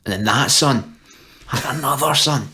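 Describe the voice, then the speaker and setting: A man, co-hosting a podcast in casual chat and telling stories with lively delivery. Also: medium pitch, normal speed. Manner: storytelling, animated. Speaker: podcast co-host.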